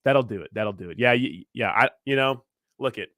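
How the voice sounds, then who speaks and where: A young man hosts a crypto livestream, his medium-pitched, slightly bright voice captured with studio quality and no echo at a moderate pace. He rants in a fired-up way and answers viewers, often asking "you know what I mean."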